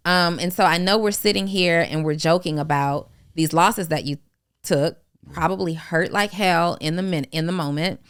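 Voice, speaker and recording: A woman hosting a business podcast who tells stories in a lively way, laughs easily and encourages her guest. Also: on the low side, normal speed, smooth. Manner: animated storyteller, laughs readily, encouraging. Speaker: podcast host and business coach. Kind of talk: casual podcast conversation.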